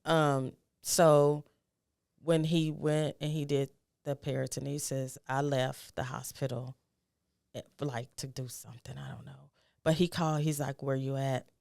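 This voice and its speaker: A woman's voice: little pitch movement, measured pace, creaky, darkish tone, no room sound, studio quality. A middle-aged woman, a guest, telling a personal story and acting out the dialogue in it, her voice rising with emotion. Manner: emotional, acts out quoted dialogue with rising pitch.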